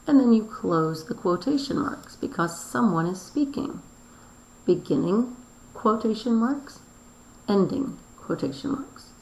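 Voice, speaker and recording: Teacher, female, unhurried delivery, recorded in a roomy space. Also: medium pitch, creaky. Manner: slow, deliberate explanation, spelling words letter by letter. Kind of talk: recorded classroom review lesson. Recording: roomy echo.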